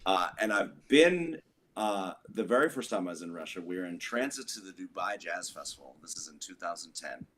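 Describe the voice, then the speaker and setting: Brief: man with a lowish voice, guest musician, chatty rambling storyteller in a relaxed interview. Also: fairly quick, a little hiss or hum. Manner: rambling, full of "like" and restarts.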